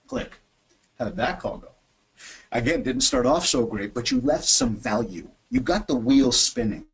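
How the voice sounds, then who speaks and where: A man hosting a webinar from his office, coaching sales in an energetic, chatty way and acting out phone calls. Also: medium pitch, moderate pace, vocal fry, background noise. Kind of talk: animated software demo and sales coaching.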